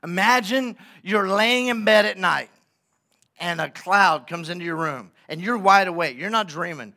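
A pastor preaches in an emphatic, conversational way and keeps checking in with his congregation. His voice is high and bright. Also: normal speed. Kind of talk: sermon.

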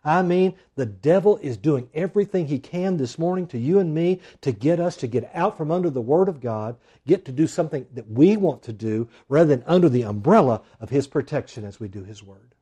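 A man preaching a sermon, swinging from loud emphatic lines to hushed, drawn-out asides. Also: a little high, animated, slightly rough. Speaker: pastor.

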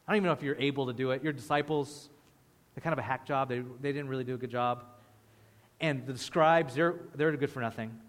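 A man's voice: mid-range voice, normal speed, pauses often, in a large hall. A man preaching a sermon with passion, acting out the voices of people praying. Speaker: pastor.

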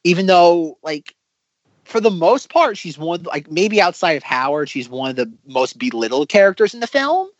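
Animated man chatting about a film. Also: on the high side, normal speed, dry recording, dull audio. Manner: animated, many "like" fillers. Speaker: podcast co-host. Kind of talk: casual film discussion.

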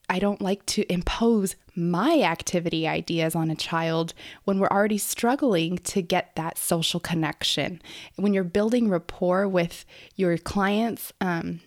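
A woman's voice: medium pitch, darkish tone, no room sound, clean studio sound. A young woman hosting a casual educational podcast as a speech therapist, explaining in her early-morning voice with many fillers and restarts.

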